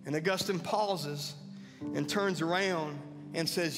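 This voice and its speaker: High-voiced pastor preaching in a hall. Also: male voice, slow pace, fairly bright tone. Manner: earnest, rising to emphatic peaks. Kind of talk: sermon. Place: church sanctuary. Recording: church hall reverb with faint music.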